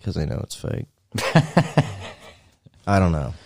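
Super deep guy, swearing and joking around, rambly casual chat. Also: slow, vocal fry, a little mellow.

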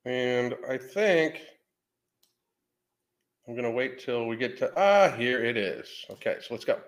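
A man's voice: mid-range voice, lively intonation, measured pace. A man hosting a live podcast, rambling casually, swearing often and greeting chat viewers by name. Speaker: podcast host. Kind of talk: casual livestream commentary.

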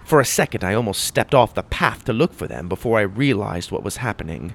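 Animated male storybook narrator. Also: on the low side, brisk, hardly any pauses, a little hiss or hum. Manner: expressive, dramatic reading. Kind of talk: first-person storybook narration.

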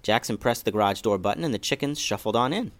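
A man's voice: fairly low pitch, fast. Man reading a children's story. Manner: gentle, expressive, storytelling. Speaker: storyteller, podcast host.

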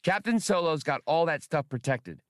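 A man's voice: fairly high pitch, expressive, normal speed, no echo, studio quality, voice pushed up, lightly acted. A man voicing a small, childish male computer probe droid, eager and helpful, in an audiobook. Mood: wounded. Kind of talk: audiobook character voice.

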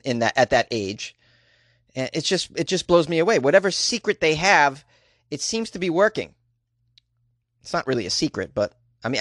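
A man's voice: on the high side, a bit bright, no room sound, clean studio sound. A man hosting a comedic news podcast, joking and rambling in a self-deprecating way. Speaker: podcast host.

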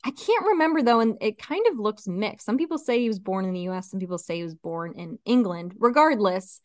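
A woman's voice: medium pitch, lively intonation, fairly quick, no echo, clean studio sound. A woman co-hosting a casual chat podcast, talking in a loose, chatty way with plenty of fillers and laughs. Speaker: podcast co-host.

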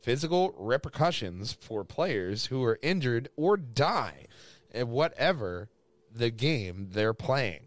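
A man hosting a podcast, reading out geek news in a casual, animated way and swearing freely. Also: mid-range voice, takes it slowly, no echo. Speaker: podcast host.

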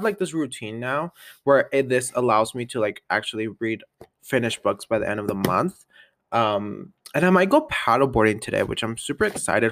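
A man's voice: medium pitch, a bit bright, dry recording, clean studio sound. A man vlogging a casual catch-up, chatty and upbeat, rambling with lots of fillers and little laughs. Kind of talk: casual catch-up vlog chat.

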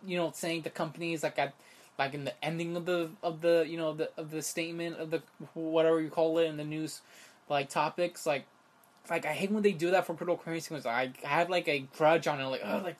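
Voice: mid-range voice, a little fast. A young adult vlogger rants loosely to the camera, circling back, restarting and saying "like" at every turn. The tone stays exasperated and disbelieving as the points pile up. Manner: rambling, heavy use of "like" fillers; exasperated and incredulous. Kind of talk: casual rant to camera.

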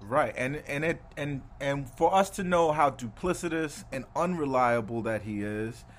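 A man hosting a casual sports podcast, animated and rambling, laughing often as he talks. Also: mid-range voice, a little slow. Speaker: podcast host.

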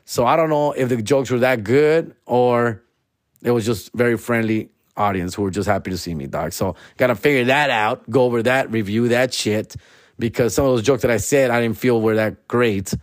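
A man's voice: medium pitch, normal speed, dry recording, clean studio sound. A man, a comedian host riffing in a profane, slangy monologue and ending lines with "fool" and "dog". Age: 40s.

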